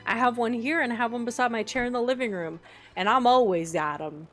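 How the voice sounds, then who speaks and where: A woman streaming and chatting casually with her viewers, playful and laughing often, her voice a little rough. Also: a little high, a little fast, faint music behind. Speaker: streamer reading chat. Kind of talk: casual live-stream chat.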